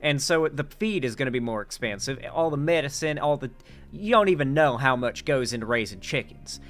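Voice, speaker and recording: A man's voice: mid-range voice, animated, fairly quick, fairly bright tone, soft background music, lightly acted. A man putting on a brash, folksy Southern American accent with a blunt drawl.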